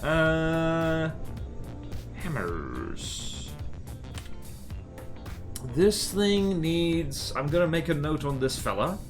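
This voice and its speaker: A man's voice: fairly high pitch, very animated, extremely slow, pauses often, soft background music. A man streaming a game live, chatting casually in a rambling, self-mocking and jokey way. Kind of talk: casual live-stream chat while playing.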